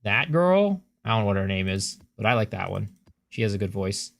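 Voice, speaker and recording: A man's voice: lowish voice, sing-song, brisk, gravelly. A man streaming a game, chatting casually with his viewers and giving loose, blunt opinions, with some swearing. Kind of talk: casual livestream chat while gaming.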